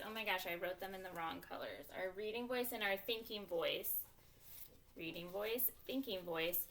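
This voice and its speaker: Bright-voiced upbeat woman teacher. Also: mid-range voice, a little hiss or hum. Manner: upbeat teacherly, talks to herself while writing. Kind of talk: modeling a reading lesson for young students.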